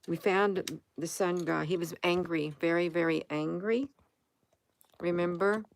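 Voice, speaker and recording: Slow, drained woman musing aloud. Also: on the low side, fairly even intonation. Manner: rambling, hesitant, with frequent "um" and restarts. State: tired, drained. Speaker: conspiracy commentary vlogger. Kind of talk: casual commentary over images.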